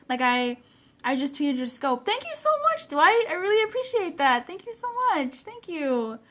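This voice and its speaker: Bubbly high-voiced woman coach. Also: animated, unhurried, a bit bright. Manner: bubbly, gushing greetings with big pitch jumps. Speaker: personal development coach livestreaming. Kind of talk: casual livestream chat, greeting viewers.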